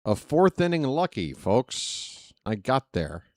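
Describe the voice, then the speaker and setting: A man's voice: mid-range voice, very animated, slow pace, no room sound, studio quality. A man calling a ballgame play-by-play on a fan live stream, chatty, joking and fussy.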